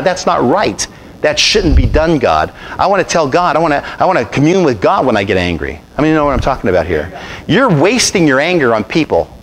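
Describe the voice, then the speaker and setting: A pastor preaching a sermon, calling on the congregation to repeat after him and answer. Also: male voice, medium pitch, slight background noise.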